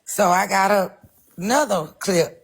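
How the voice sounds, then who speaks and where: A woman's voice: mid-range voice, measured pace, gravelly, breathy edge. A woman in a casual live chat, speaking in an amused, giggly way. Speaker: live stream participant.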